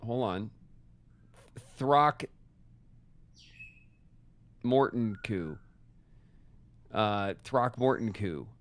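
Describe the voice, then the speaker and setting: A man with a fairly low voice thinks aloud while he plays a puzzle game live. He chats with his viewers in a loose, joking way and keeps up a stream of commentary. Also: expressive, very slow, pauses often. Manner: chatty, talks to chat and himself, jokey asides. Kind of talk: casual live gameplay commentary.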